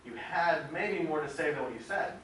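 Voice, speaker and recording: A man's voice: on the high side, normal speed, fairly bright tone. A man leading a group seminar, coaching participants earnestly and calling on people. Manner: earnest, asks questions and calls on people. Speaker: seminar leader. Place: large echoey seminar room. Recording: echoey room from far off with noise.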